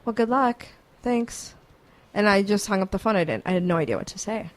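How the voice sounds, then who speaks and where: A woman hosting a morning radio show, telling a story in an animated, chatty way. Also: mid-range voice, brisk. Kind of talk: casual radio chat, storytelling. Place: radio studio.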